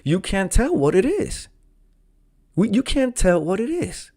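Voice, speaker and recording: A man's voice: high-pitched, sing-song, unhurried, mellow. A man hosting a live stream, reading chat comments aloud and giving dramatic, gossipy commentary full of catchphrases.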